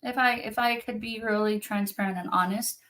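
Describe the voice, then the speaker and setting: A woman's voice: medium pitch, fairly even intonation, a little fast, a bit bright, slight background noise, rough recording. A woman who practices spiritual activation, talking casually and earnestly about her work, with many fillers. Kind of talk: casual conversational talk.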